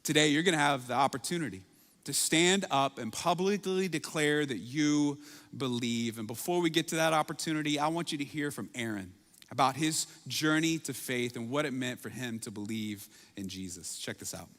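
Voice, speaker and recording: A man preaching a sermon as pastor, swinging between hushed, intimate lines and sudden loud emphasis. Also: medium pitch, moderate pace. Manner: dramatic shifts between soft intimate lines and loud bursts. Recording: long hall reverb.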